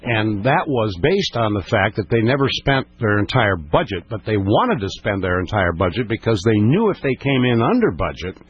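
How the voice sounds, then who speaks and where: An older man hosting a call-in radio talk show, halting and repeating words, his pitch climbing when he gets emphatic. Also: very animated, husky, no echo. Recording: dull lo-fi radio broadcast.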